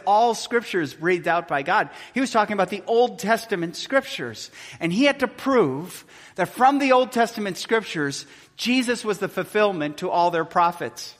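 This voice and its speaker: High, bright-voiced preacher in a hall. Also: male voice. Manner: animated, acts out shouts and quotes, swings from loud to hushed. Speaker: pastor. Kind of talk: sermon. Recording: long hall reverb.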